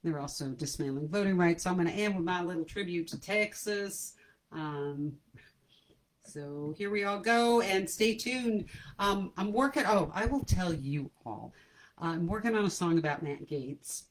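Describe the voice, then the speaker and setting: Through a computer camera mic on a rough recording, a woman with a lowish, animated voice speaks a little slowly. Hosting a comedy livestream from home, she chats casually with viewers, pokes fun at herself and laughs at her own jokes.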